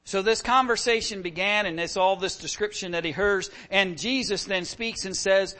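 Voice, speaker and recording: A man's voice: high voice, moderate pace, hardly any pauses, bright, forceful tone. A middle-aged man preaching a sermon as pastor, impassioned and full of rhetorical questions.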